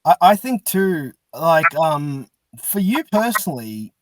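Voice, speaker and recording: A man's voice: on the high side, sing-song, takes it slowly, noisy background. A man hosting a podcast, asking long eager questions with laughter. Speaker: podcast host. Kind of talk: casual interview chat.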